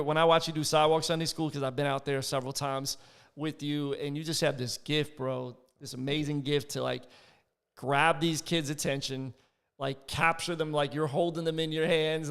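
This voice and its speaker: A man's voice: a little high, little pitch movement, moderate pace, clear, resonant tone, in a large hall. A man hosting a podcast, chatting enthusiastically and saying "like" a lot. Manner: enthusiastic, heavy use of "like". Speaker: podcast host. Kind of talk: casual interview chat.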